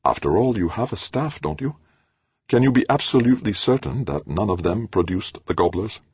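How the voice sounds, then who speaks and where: A man voicing a serious, precise woman official who asks measured, probing questions. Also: on the low side, lively intonation, a little mellow, breathy edge, dry recording, voice pushed up.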